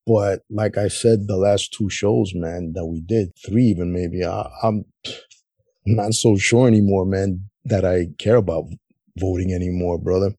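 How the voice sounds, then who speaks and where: A man talks politics in loose, profane chat, dropping "man" and "you know" everywhere. His voice sits low and mellow with a husky edge. The sound is dry and close. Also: fairly even intonation, unhurried, no room sound. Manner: blunt, heavy swearing, says "man" often. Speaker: podcast co-host.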